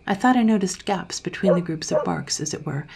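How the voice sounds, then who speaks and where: Brief: woman storyteller, low and gravelly, hushed whispery reading. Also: expressive, a little fast, crowd noise. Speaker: story narrator. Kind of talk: audiobook storytelling.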